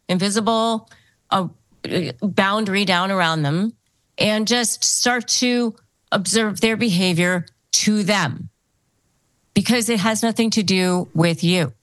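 A woman's voice: mid-range voice, no echo. A woman hosting a podcast interview who gives advice in an explanatory way and repeats key phrases for emphasis. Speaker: podcast host.

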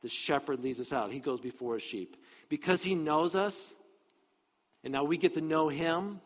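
A male pastor preaching a sermon in an animated way, acting out the dialogue from scripture. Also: on the high side, normal speed. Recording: dull, reverberant hall sound.

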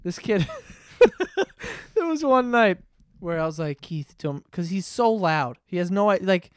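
A man's voice: high-pitched, very animated, a little slow, smooth, no room sound, clean studio sound. A young man hosting a podcast, telling crude stories in casual chat. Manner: crude, joking storyteller. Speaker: podcast host. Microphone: studio mic on stand.

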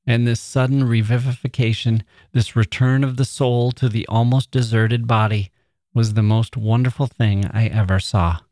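A man reading a nineteenth-century story aloud as a podcast host, in a measured, deliberate manner. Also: mid-range voice, steady tone, warm tone, dry recording, clean studio sound.

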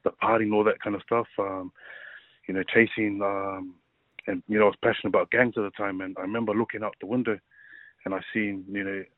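A man in his thirties, a rugby league player, telling his personal story in a casual interview, halting and full of fillers. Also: fairly low pitch, flat delivery, no echo. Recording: tinny phone-like line.

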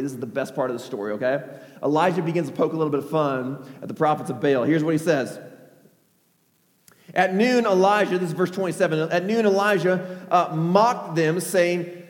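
A man preaching a sermon, retelling a Bible story in a lively way with frequent "right?" asides and a hush for quoted lines. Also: high-pitched. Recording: echoey hall with long reverb.

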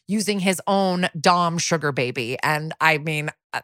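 A woman's voice: sits low, a little slow, clear, resonant tone, no room sound, studio quality. Chatty woman recapping a TV episode. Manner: chatty, animated, acts out characters' lines while retelling. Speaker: podcast co-host.

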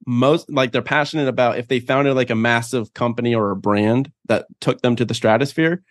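A male guest on a podcast, speaking at a middle pitch in a loose, casual way. He rambles and fills his talk with small filler words while he works out his points. The sound is close and dry. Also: fairly even intonation, fairly quick, no echo. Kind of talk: podcast interview.

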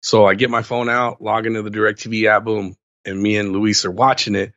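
A man's voice: on the low side, moderate pace, dry recording, highs cut off. A man co-hosting a sports podcast in casual chat, telling stories and ranting with lots of energy. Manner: animated ranting storyteller. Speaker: podcast co-host.

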